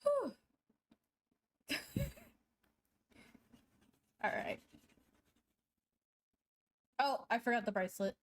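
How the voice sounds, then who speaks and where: A high-pitched woman chats with her live stream audience while she draws. She rambles playfully, breaking into giggles mid-sentence and teasing herself. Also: wildly swooping pitch, very slow, long pauses. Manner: playful self-mocking banter. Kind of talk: casual chat to stream viewers while drawing.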